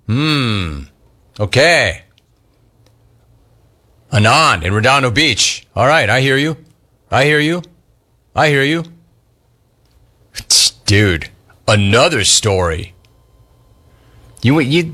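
Bright-voiced teasing male show host. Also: medium pitch, lively intonation, unhurried, long pauses. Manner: teasing, mocking repetition. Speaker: talk show host reading listener messages. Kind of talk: casual live show banter.

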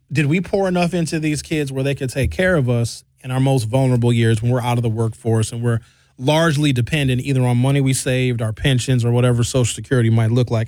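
A mid-range-voiced commentator in his fifties speaks in a casual monologue that's blunt and full of profanity. He acts out quotes as he animatedly tells his stories, recorded dry.

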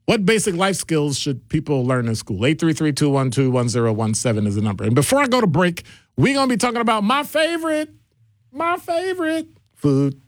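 Animated male radio talk host. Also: a little high, fairly quick, dry recording, studio quality. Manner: animated, jumps between topics, playful asides.

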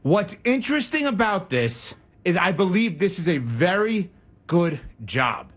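A man's voice: high voice, a little slow. A man hosting sports talk radio, out of breath and talking through his analysis. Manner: animated, talkative analysis.

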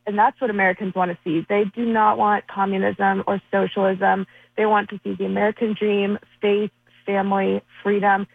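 A woman from Florida calling in to a radio show, giving confident, brisk political talking points over a phone line. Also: mid-range voice, little pitch movement, vocal fry, no echo. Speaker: caller, political strategist. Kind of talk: phone-in interview.

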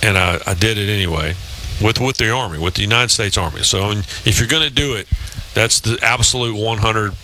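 Fifties guy hosting sports radio, super bright edgy voice, rambles thru long stories, bit of hiss. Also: fairly low pitch, brisk, few pauses, rough recording. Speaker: radio show host. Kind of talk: casual sports talk chat.

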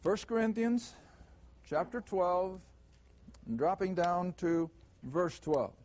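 A man teaching a Bible class, reading verses slowly and deliberately and stressing key words. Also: sits high, expressive, darkish tone, dull audio.

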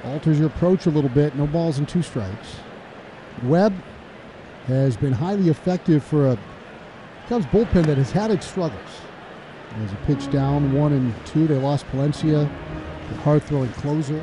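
Guy doing baseball play-by-play, kinda high voice, chatty, loud ballpark noise behind. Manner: chatty, laughs between calls, gets loud and excited on big plays. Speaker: play-by-play announcer.

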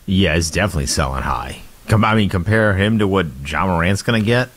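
A man co-hosting a sports talk radio show in a relaxed, dry way. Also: sits low, brisk. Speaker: radio co-host.

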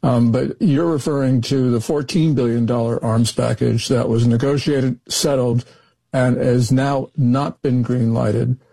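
A man's voice: medium pitch, steady tone, a little slow, gravelly, dark tone, dry recording, rough recording. A man on a political talk show who lays out background before putting probing questions to the guest. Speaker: panelist asking questions.

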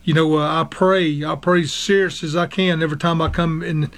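A man preaching a sermon, earnest and halting, with frequent fillers, reading scripture aloud in old-fashioned wording. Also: on the high side, little pitch movement, a bit bright. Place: radio broadcast.

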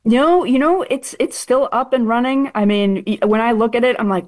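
A woman's voice: a little high, animated, measured pace, slight background noise. A woman with a Boston accent, a crime reporter guest, talking casually with lots of fillers and laughs. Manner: chatty, laughing, many fillers like "like". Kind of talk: casual chat.

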